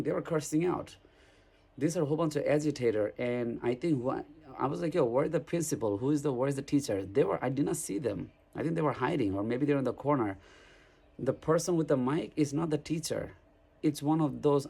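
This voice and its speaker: A man's voice: mid-range voice, gravelly, a little mellow. A man who works as a street photographer tells a long story to the camera in a casual rant, rambling and often repeating and restarting himself.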